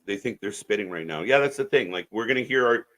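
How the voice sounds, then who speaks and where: A man's voice: fairly low pitch, lively intonation, quick pace, fairly bright tone. A man co-hosting a live wrestling watch-along, blunt and disgusted, swearing heavily. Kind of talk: profane live commentary chat.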